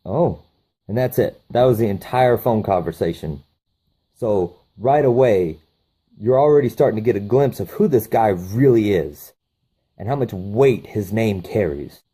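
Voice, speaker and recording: A man recaps a movie plot in a casual, profane, enthusiastic way. His voice sits on the low side for a man. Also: animated, moderate pace, warm tone, husky. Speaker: movie reviewer.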